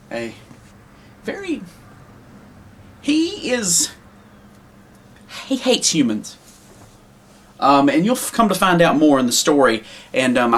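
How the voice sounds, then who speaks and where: A man's voice: mid-range voice, a bit bright, a little hiss or hum. Rambling man showing his homemade puppets. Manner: rambling, with many ums and restarts. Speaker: puppet maker. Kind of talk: casual show-and-tell.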